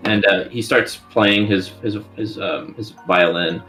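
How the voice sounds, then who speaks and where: A man narrating as dungeon master, halting and full of filler words. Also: lowish voice, pushed and bright, soft background music. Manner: halting, full of ums and likes. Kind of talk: narrating a tabletop game.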